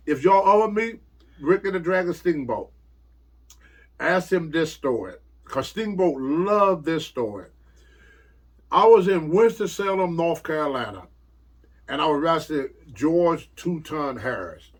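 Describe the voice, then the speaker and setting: A man's voice: on the high side, lively intonation, measured pace. An older man and former wrestler telling rambling, laughing stories in an interview. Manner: rambling storyteller who laughs often and acts out quotes. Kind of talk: casual anecdote telling.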